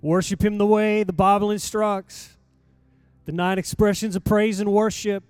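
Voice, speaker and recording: Pastor, male, high mellow voice, sermon delivery building to loud exhortation; dry pickup, faint music under. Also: flat delivery, moderate pace, clean tone, dry recording. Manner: preaching, rising to loud exhortation when reading scripture. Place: church sanctuary.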